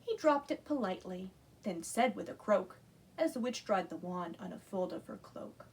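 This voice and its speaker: A woman librarian reading a picture book aloud to children, animated, inviting them to join in. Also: medium pitch, moderate pace, slightly rough.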